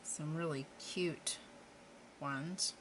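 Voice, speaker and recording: A woman's voice: deep voice, fairly even intonation, drawn-out words, a bit bright, a little hiss or hum. A middle-aged woman from Western Pennsylvania, chatting casually and rambling while she paints a canvas. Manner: chatty, rambling, self-deprecating asides. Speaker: craft vlogger.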